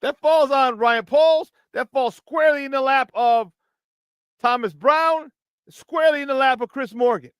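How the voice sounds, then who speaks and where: A man's voice: very high-pitched, moderate pace, no echo. A man hosting sports talk radio, ranting in frustration, swearing and mocking others in put-on voices. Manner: frustrated, profane, mocking impressions. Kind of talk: heated sports talk rant.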